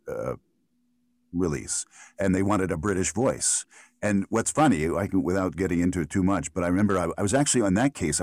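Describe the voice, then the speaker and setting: A man's voice: low-pitched, darkish tone, no echo. A middle-aged American man who works as a voiceover artist, talking at ease in an interview and giving thoughtful, rambling answers full of restarts and fillers. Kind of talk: relaxed conversational interview.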